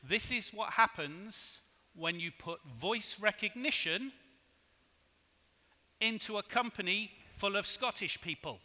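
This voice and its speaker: A man giving a conference keynote in a hotel hall, measured and asking the audience rhetorical questions. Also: high voice, sharp tone. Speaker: conference speaker. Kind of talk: keynote presentation. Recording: hall reverb.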